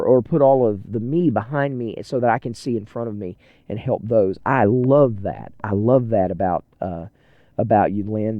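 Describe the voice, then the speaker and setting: A man's voice: fairly low pitch, no room sound, phone-quality sound. A man hosting a podcast, chatting casually and earnestly to listeners from inside his car as he drives. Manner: earnest, rambling, self-deprecating. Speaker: podcast host. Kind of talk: casual solo chat while driving.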